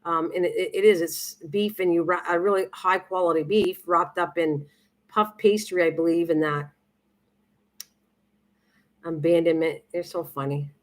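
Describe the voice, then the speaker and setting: A woman's voice: on the low side, steady tone, measured pace. Chatty, rambling woman live streamer. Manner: chatty, rambling, many restarts and fillers. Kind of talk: casual live stream chat with viewers.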